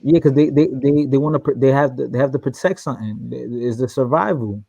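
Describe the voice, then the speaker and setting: A man's voice: medium pitch, a little fast, creaky, mellow, slightly rough, muffled recording. A man in a casual group audio chat, emphatic, repeating phrases and restarting sentences.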